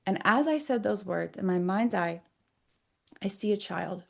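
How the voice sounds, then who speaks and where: A woman, a psychic and energy healer, telling a personal story in an animated, chatty way, full of casual fillers and dropping quiet for intimate moments. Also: medium pitch, a little slow, gravelly.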